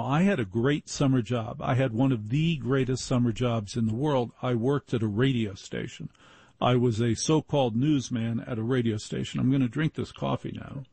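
A man's voice: mid-range voice, gravelly, mellow, slightly rough, no room sound. An older man hosting a show, telling wry personal stories in a conversational way and acting out the voices of the people in them. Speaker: show host. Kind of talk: storytelling monologue.

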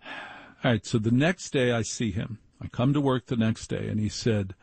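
An older man tells personal stories in a relaxed, wry way, now and then slipping into the voices of the people he quotes. His voice is gravelly and a little husky. The sound is dry and close, with no room echo. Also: mid-range voice, normal speed. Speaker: show host. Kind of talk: storytelling monologue.

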